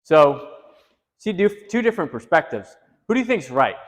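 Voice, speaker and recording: A man leading a group talk at a retreat, telling a story in an animated way and lifting his voice when he quotes someone. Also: moderate pace, long reverb tail. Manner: animated, rising pitch when quoting. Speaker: retreat discussion leader. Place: retreat meeting room.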